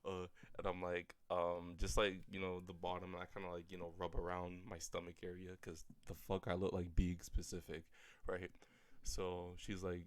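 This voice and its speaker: A man's voice: low-pitched, completely flat delivery, normal speed, dry recording. A young man telling a personal story in a rambling, profane way, full of filler words. He is a little sick, and his voice sounds slightly off. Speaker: storyteller vlogger. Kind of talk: casual storytelling.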